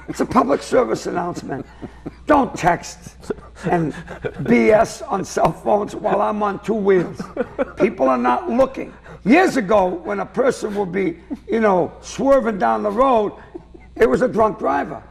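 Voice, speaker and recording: A high-pitched, heavily gravelly voice of an older man, raspy and rough at the edges. He rambles through jokes, mocking himself with an easy comic timing. He sounds like a seasoned stand-up comic being interviewed. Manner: jokey, digressive, self-mocking. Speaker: stand-up comedian, guest.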